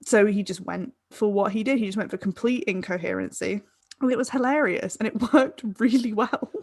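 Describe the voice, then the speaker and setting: A woman's voice: medium pitch, brisk, no room sound, studio quality. A young woman co-hosting a casual chat podcast, rambling and laughing partway through her sentences. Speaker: podcast co-host.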